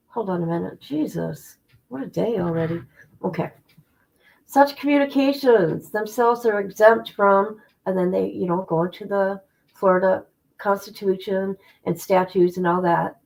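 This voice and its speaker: A woman hosting a casual livestream in a voice of middling pitch. She greets her viewers by name, then reads a court filing aloud and breaks off with chatty asides. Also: vocal fry, a little mellow, low-quality recording. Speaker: livestream host. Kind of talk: casual livestream chat and document reading.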